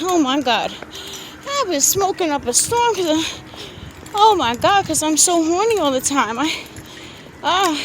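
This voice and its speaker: A woman with a very high voice walks through a city park, talking into her phone in a rambling confessional monologue to an absent lover. Her talk is breathy, gushing and full of swearing and exclamations. Outdoor street noise and passing traffic fill the background.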